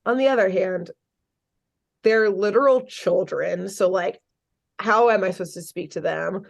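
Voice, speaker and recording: A woman co-hosting a podcast, recapping a cartoon episode in casual chat, animated and full of "like", acting out the characters' lines. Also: medium pitch, measured pace, creaky. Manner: animated storytelling, lots of "like", acts out characters' lines.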